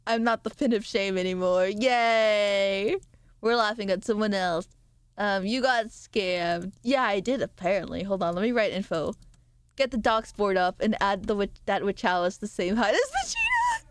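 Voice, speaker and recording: A woman's voice: mid-range voice, very animated, moderate pace, no room sound. A young adult woman streamer in casual live-stream chat, bantering with viewers, reading their messages aloud, laughing often and swearing freely.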